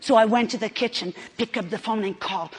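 A middle-aged woman preaching a sermon at a conference, telling a story with emphatic swings from hushed tones to shouting. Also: a little high, fast. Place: conference hall. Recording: long hall reverb.

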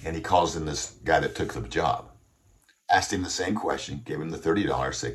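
A man hosting a motivational talk, who speaks emphatically, exhorts the listener, and slows down to stress his points while he tells a story. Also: extremely low pitch, animated.

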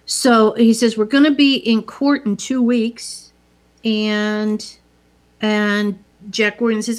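A woman with a slightly high voice chats through a movie's plot in a relaxed, conversational way. She retells each scene at length and slips into the characters' lines as she goes. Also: slow. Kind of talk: casual movie recap chat.

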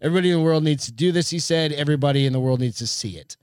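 A man's voice: on the high side, very fast, clear, resonant tone, dry recording, studio quality. Foul-mouthed man on a casual podcast. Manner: profane, loose and joking. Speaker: podcast co-host. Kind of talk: casual chat, reading news aloud.

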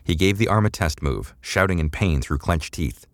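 A man narrating a sci-fi audio serial in a measured, dramatic reading. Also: sits low, expressive, no echo, studio quality. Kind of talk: scripted narration.

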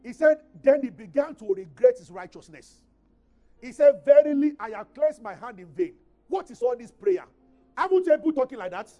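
A man with a Nigerian English accent preaching a sermon as pastor, swinging between loud, emphatic scripture reading and quiet, conversational asides. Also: very high-pitched, lively intonation, moderate pace, faint music behind.

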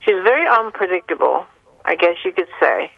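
A woman calling in to a radio show, speaking haltingly with many pauses and fillers. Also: fairly low pitch, big pitch swings, vocal fry, dry recording. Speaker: caller. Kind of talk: call-in radio confession. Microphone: telephone. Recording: muffled phone line.

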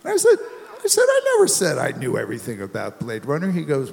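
A man's voice: mid-range voice, wildly swooping pitch, quick pace, vocal fry, few pauses, a little mellow, big-room sound. A man telling a rambling anecdote on a panel, chuckling and restarting his sentences. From United States. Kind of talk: anecdotal storytelling.

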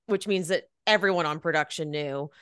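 A woman in casual podcast chat about reality TV, talking fast and acting out what other people would say, swearing casually. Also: low voice, a bit bright, clean tone, no room sound, studio quality.

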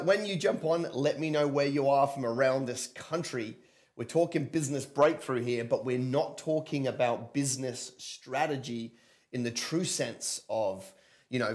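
A man, giving an energetic livestream sermon and calling on viewers to respond. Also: medium pitch, moderate pace. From London and Australia. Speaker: preacher and business coach.

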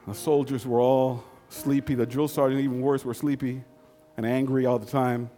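A man in his fifties telling a personal story in a folksy, conversational way with dramatic pauses. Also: medium pitch, flat delivery, warm tone, big-room sound, soft background music.

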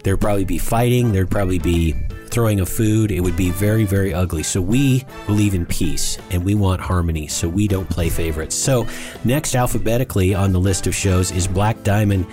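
A man's voice: sits low, a little fast, warm tone, soft background music. A man co-hosting a podcast in casual talk, earnest and emphatic, often repeating his words. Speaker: podcast co-host.

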